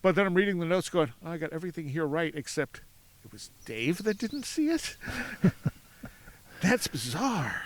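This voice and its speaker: A man telling a story as a podcast guest outdoors at a cemetery, animated, acting out voices in his anecdotes and laughing often. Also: on the high side, moderate pace. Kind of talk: casual storytelling.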